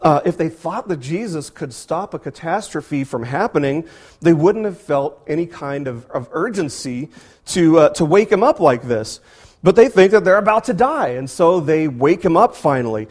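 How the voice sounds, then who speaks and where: Animated man preaching a sermon. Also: fairly high pitch, moderate pace. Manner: animated, rhetorical questions, repeats words. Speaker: pastor.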